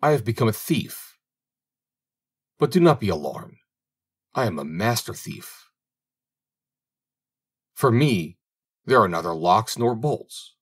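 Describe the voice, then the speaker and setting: Cunning young master thief, cool and self-assured, read by a man; low, husky, varied pitch. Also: very animated, slow pace, pauses often, full character voice. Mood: confident. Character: grown son, a proud cunning master thief. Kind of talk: audiobook reading.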